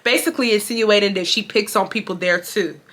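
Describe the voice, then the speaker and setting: Young woman vlogger, bright voice, blunt and animated storyteller. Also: mid-range voice, a little fast, slight background noise. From Houston, USA. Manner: animated, blunt, addresses viewers as y'all. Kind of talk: casual storytime monologue.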